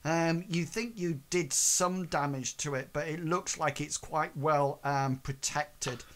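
A man running a tabletop role-playing game as its game master. He talks slowly and haltingly, filling his gaps with ums and sort-of-likes while he describes the action. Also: a little high, a bit bright, slight background noise. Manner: halting, many ums and hedges.

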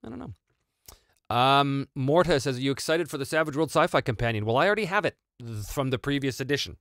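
A man who runs a tabletop RPG channel answers viewer questions in a brisk, mid-range voice, recorded dry with clean studio sound. He's animated and rambling, full of fillers and restarts.

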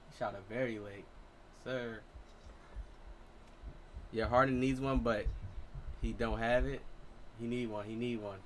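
A young man streams a basketball video game from his home setup and keeps up a loose running commentary. He trash-talks opponents and chats with viewers in easy street slang, at a medium pitch. A faint hiss sits under his voice. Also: steady tone, unhurried, long pauses. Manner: loose slangy trash talk to teammates and chat. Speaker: live-streaming gamer. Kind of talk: casual live game commentary.

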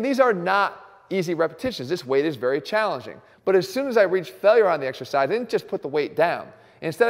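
Man, fitness coach, emphatic, slightly high voice, reverberant gym sound. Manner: emphatic and rapid. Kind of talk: energetic workout explanation.

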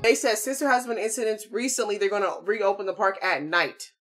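A woman narrating her own horror game playthrough in slangy, casual chatter, looping the same frightened phrases again and again. Her voice sits at an ordinary middle pitch. Game music plays loudly beneath her. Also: fairly even intonation, brisk, rough recording. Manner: jittery, repeats panicked phrases over and over. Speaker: gaming channel host. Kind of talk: horror game let's-play commentary.

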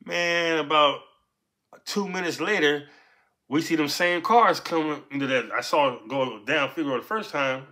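A man casually telling a story from his past in street slang, punctuating it with "right?" and "so boom". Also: measured pace, sharp tone. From Los Angeles.

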